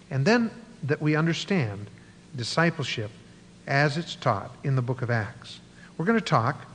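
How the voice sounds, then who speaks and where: A man's voice: mid-range voice, a bit bright, in a large hall, a little hiss or hum. A man preaching an earnest evening sermon as pastor, stretching key words and building long lists, then closing in prayer. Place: church sanctuary.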